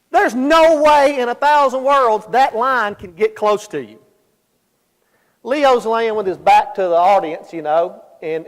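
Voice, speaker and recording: High-voiced preacher in an echoey church. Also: male voice. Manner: animated storyteller, swinging between loud emphasis and quiet asides. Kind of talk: sermon. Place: church sanctuary.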